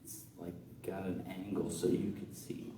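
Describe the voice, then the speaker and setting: Picked up from a distance in a roomy comedy club, a stand-up comedian works through his set with dry, self-deprecating jabs at the crowd. He speaks a little slowly in a low voice with little pitch movement, over a noisy background.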